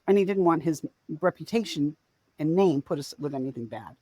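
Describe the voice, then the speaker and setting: A woman's voice: sits low, lively intonation, fairly quick, mellow, no echo. Dry-sounding woman telling a family story. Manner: rambling, self-correcting storyteller. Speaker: podcast co-host. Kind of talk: casual storytelling chat.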